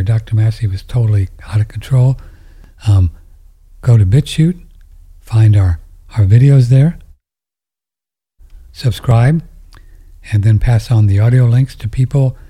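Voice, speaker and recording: A man hosting a talk radio show, chatting in a meandering way and trailing off into soft asides. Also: lowish voice, husky. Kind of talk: casual rambling talk.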